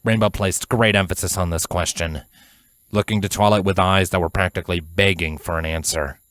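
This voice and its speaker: A man with a very low voice narrates a fan fiction audiobook. His delivery is measured and even, like a steady storyteller. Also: dry recording.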